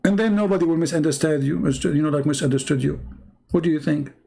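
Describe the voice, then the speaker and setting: A man's voice: a little high, fast, gravelly, dark tone. Mocking, sarcastic man hosting a debate. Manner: mocking and sarcastic, laughs at his opponent; emphatic, repeats points. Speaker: livestream host debating a caller. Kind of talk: live-streamed religious debate.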